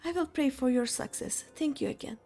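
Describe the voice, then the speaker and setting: A woman's voice: high voice, brisk, warm tone, soft background music, pitched above the performer's own voice, natural voice. A woman reading game lines for a young freed captive who speaks politely and earnestly, pleading for help. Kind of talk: reading game dialogue aloud.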